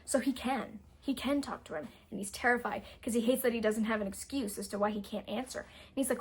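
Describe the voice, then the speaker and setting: Speaking at a moderate pace in a fairly high, husky voice with a steady tone, a young adult woman reviews a book by loosely recapping its plot. Her delivery wanders, and "like" turns up constantly.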